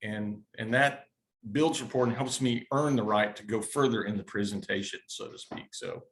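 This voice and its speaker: A man's voice: fairly low pitch, normal speed, fairly bright tone. Earnest man telling a sales story. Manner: earnest, searching for words. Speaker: caller in a Q&A session. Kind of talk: casual storytelling.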